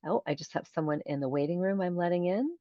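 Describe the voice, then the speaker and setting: Low-pitched female kindergarten teacher giving a parent workshop over a call, demonstrative, dry and slightly muffled. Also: fast talker, mellow, no echo. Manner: clear, demonstrative, models speech sounds. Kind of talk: online workshop presentation. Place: video call.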